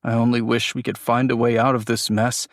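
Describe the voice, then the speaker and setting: A man's voice: medium pitch, little pitch movement, a little fast, no echo, studio quality. A man narrating a first-person audiobook in an intimate, emotional storytelling manner.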